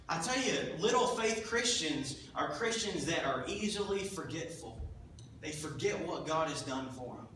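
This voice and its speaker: A man preaching a sermon in a church, telling Bible stories with lively acted-out voices. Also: on the high side, moderate pace, a little hiss or hum. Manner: animated storytelling, acting out voices. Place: church sanctuary. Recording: echoey hall, mic at a distance.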